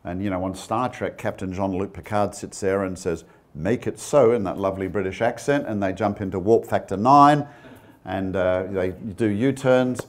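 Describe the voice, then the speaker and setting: A man with a fairly low voice giving a slide presentation to a live audience. He keeps it chatty, quizzes the room and slips in joking asides. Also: normal speed. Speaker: guest speaker.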